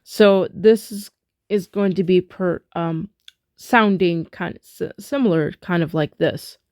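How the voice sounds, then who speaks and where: Slow, gravelly-voiced woman teaching rhythm. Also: fairly low pitch, darkish tone, dry recording. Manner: halting, chanting rhythm syllables. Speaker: music teacher. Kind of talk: spoken rhythm lesson.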